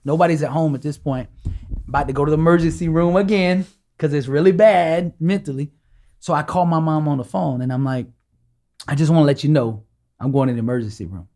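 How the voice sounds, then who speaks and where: A man, a guest in a podcast interview, telling a personal story with animated energy and acting out the dialogue as he goes. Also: on the high side, fairly quick.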